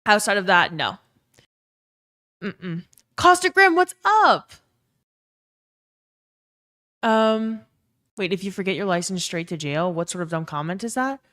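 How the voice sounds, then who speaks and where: A woman's voice: fairly low pitch, normal speed, fairly bright tone. Chatty Southern-accented woman streamer. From Louisiana. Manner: chatty, swears freely, reads chat aloud. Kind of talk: casual live-stream chat.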